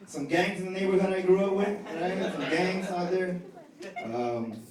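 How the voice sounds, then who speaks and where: A high-voiced stand-up comedian from Chicago performs a set on a comedy club stage at a moderate pace, casual and conversational, repeatedly asking "right?" He's far from the mic, so the live club sound is roomy and off mic, with loud crowd laughter.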